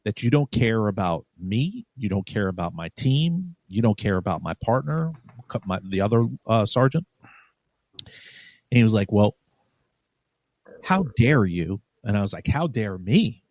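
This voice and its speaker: A man's voice: fairly low pitch, sing-song, measured pace, a little mellow, no echo. A man from New York, a podcast co-host, telling a story bluntly and with profanity, acting out the dialogue. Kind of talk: casual storytelling.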